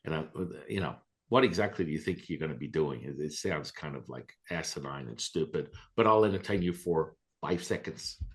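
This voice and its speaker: A man voicing an irritated, skeptical injured young woman in his own low voice, dismissive and impatient. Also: animated, a little fast, hardly any pauses.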